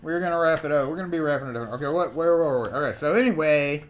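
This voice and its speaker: A man's voice: fairly high pitch, fast. A man hosting a live stream, reading old magazine letters aloud with theatrical flair and joking asides. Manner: animated, jokey, theatrical reading. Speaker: host.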